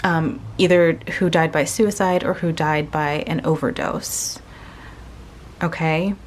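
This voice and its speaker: A woman reading tarot cards aloud in an unhurried, intimate way, her voice sitting a little low and moving slowly. She feels her way through each thought with pauses and restarts. A faint hum of room ambience sits behind her. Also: steady tone. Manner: slow, gentle, searching, with many pauses and restarts. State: tearful, emotional. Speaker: tarot reader. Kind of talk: casual spoken tarot reading.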